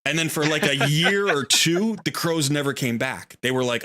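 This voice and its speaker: A man streams a casual game from a home room near a window, his voice high-leaning, bright, forceful, and animated. He keeps a moderate pace with hardly any pauses, chatting and rambling through a long story full of playful voiced asides.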